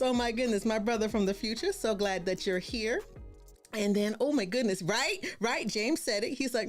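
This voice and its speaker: A woman's voice: on the high side, moderate pace, soft background music. A woman hosting a casual live stream as a branding coach, bubbly and exclaiming often as she greets viewers by name.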